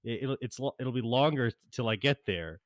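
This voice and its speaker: A man's voice: mid-range voice, lively intonation, moderate pace, no echo, studio quality, natural voice. A man voicing a cheerful, friendly young speedster hero in a tabletop game, in an upbeat, casual way. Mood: apologetic.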